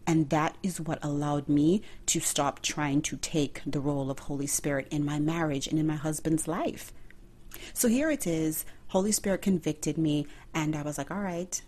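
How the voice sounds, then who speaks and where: A woman's voice: low voice, normal speed, a little mellow. A woman hosting a faith-based podcast, talking earnestly and like a preacher, with rhetorical questions and direct address to her listeners. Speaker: podcast host.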